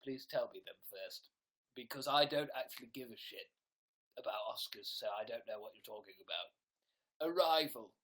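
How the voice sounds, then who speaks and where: A man's voice: medium pitch, normal speed, a bit bright. A young man, chatting casually and playfully on a livestream while reading viewer comments aloud. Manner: silly, playful. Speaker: livestream host.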